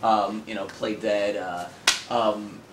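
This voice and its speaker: A man from a band talking casually about the music he loves, rambling and filling every pause with "like". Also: lowish voice, flat delivery. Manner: rambling, says like constantly. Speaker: band member. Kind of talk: casual interview talk. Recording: echoey room with noise behind.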